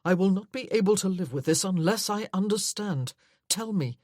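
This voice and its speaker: A woman reading the part of an earnest, battle-scarred young earl, pleading and insistent in a gentle way. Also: medium pitch, expressive, normal speed, no echo, clean studio sound, voice pushed up, natural voice.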